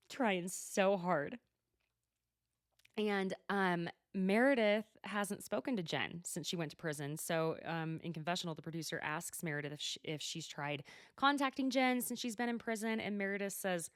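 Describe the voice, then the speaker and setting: A young adult woman hosting a solo TV recap podcast, gossipy and animated, swearing freely and laughing often. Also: medium pitch, normal speed, dry recording, studio quality. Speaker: podcast host. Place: lives at altitude, records at home.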